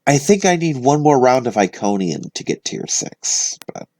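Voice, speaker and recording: A young man hosts his weekly vlog in a medium-pitched, somewhat mellow voice with big swings in pitch. At a moderate pace he rambles loosely, full of fillers and restarts.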